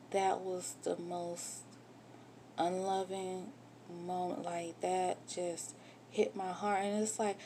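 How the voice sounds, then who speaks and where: A woman's voice: fairly low pitch, slow pace, warm tone, a little hiss or hum. A woman candidly telling a personal story in a vlog, getting emotional and swearing when upset. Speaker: vlogger telling her own story.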